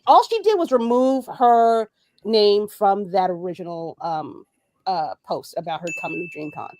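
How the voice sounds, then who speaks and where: A woman's voice: on the high side, dry recording. A woman guest on a podcast, ranting in a heated, profane and emphatic way during a casual talk.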